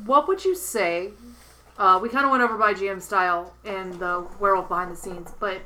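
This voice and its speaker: A woman interviewing a friend in a casual podcast conversation. She starts questions, stops, and rephrases them hesitantly, in an ordinary mid-pitched voice. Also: bright, forceful tone, a little hiss or hum, poor audio.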